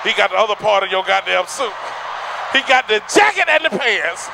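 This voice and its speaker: A man doing a stand-up comedy routine on a theater stage, loud and boisterous, acting out people with shouts and sounds. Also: sits high, animated, normal speed, gravelly, noisy background.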